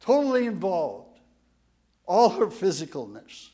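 A man preaches to his congregation, his voice sitting high and leaping up and down in pitch. He takes his time, dropping to near-whispers on tender points and pushing out loud on emphatic ones. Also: huge pitch swings, a little slow. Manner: emotional, swings between hushed and emphatic; asks the congregation for a show of hands. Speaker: pastor. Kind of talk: sermon.

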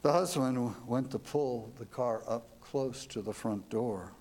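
A man's voice: mid-range voice, slow pace, a little mellow. A man telling a devotional story as a sermon, earnest and reflective, ending with questions to his listeners. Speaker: preacher.

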